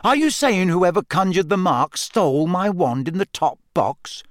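A man's voice: high voice, big pitch swings, measured pace, no echo, studio quality, voice pushed up. Man voicing an earnest, puzzled teenage boy. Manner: thoughtful, plain.

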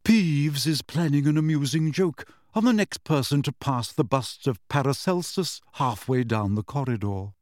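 A man's voice: mid-range voice, lively intonation, moderate pace, hardly any pauses, no echo, clean studio sound, natural voice. A man voicing a bored, genteel male ghost from an audiobook story, speaking in a polite, languid and weary way.

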